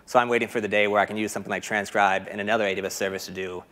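A man with an American accent giving a fast, filler-laden technical conference talk while demoing code. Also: lowish voice, flat delivery, fairly bright tone. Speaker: conference presenter. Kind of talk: live coding demo talk.

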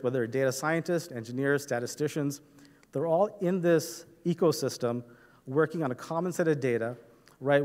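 A man giving a technical conference talk, explaining step by step with frequent fillers and "right?" checks. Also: a little high. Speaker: conference presenter. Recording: reverberant hall.

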